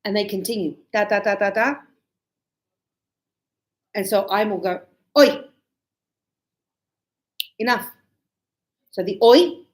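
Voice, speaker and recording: A middle-aged woman teaching an English class, chatty and animated, acting out examples with loud calls. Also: medium pitch, rough recording. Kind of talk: classroom lesson.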